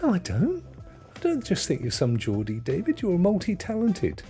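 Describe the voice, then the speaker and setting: Animated, jokey male streamer. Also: high voice, normal speed, husky, soft background music. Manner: chatty, jokey, reads chat aloud. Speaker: live-stream host. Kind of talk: casual live-stream chat.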